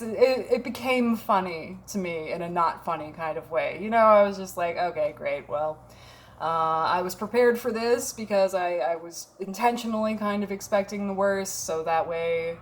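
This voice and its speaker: A woman's voice: on the low side, normal speed. A woman in her thirties, from Minnesota, tells a casual story on her vlog with a wry, self-mocking manner and plenty of swearing. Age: 30s. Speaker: vlogger.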